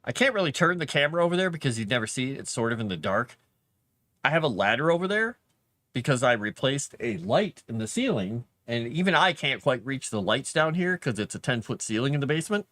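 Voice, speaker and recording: A man's voice: mid-range voice, sing-song, brisk, fairly bright tone, no echo. A man hosting a casual live stream from his basement, chatting in a rambling way and laughing often. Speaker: livestream host. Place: home basement.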